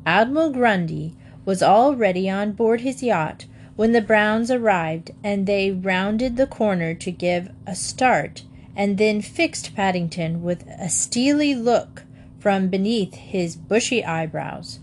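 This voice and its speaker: A woman reading a children's storybook aloud in a gentle manner. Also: mid-range voice, expressive, slow, slight background noise. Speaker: narrator.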